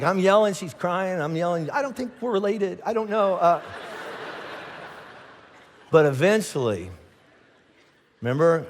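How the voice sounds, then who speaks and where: Middle-aged man, pastor, high voice, storytelling sermon in a reverberant auditorium. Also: slight background noise. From Indiana. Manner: animated storytelling with lots of restarts and acted asides. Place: large church auditorium. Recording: long hall reverb.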